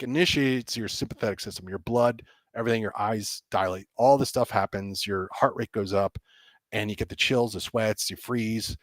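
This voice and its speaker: An excitable man tells a story on a podcast, his voice at a middle pitch and bouncing up whenever he plays out a scene. He restarts his sentences often and acts out the lines of the people in it. The sound is dry and close, with no room around him. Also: no room sound. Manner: excitable, acts out quoted dialogue, many restarts. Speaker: game developer guest. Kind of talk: animated storytelling in a podcast chat.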